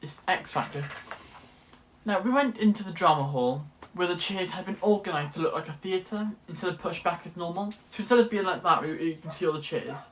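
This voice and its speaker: A late-teen student vlogger with a high, fairly bright voice chats briskly to camera, rambling, restarting and correcting himself as he goes. A little hiss or hum sits in the recording.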